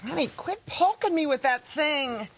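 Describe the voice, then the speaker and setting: An actress playing a groggy wife who answers her husband with dry, deadpan sarcasm. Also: sits high, moderate pace, a little hiss or hum. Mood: weary. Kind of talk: scripted comedy sketch.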